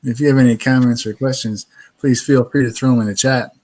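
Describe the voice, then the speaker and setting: A man's voice: medium pitch, steady tone, brisk, darkish tone. A man chatting casually as a regular guest on a live stream, friendly and encouraging viewers to comment. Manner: friendly, relays others' remarks, urges chat comments.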